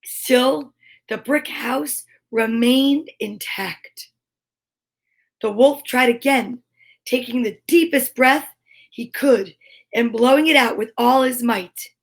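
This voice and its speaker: A woman telling a fairy tale aloud in a slow, playful comic reading with little asides. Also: fairly high pitch, vocal fry. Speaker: storyteller. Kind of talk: comic storybook narration.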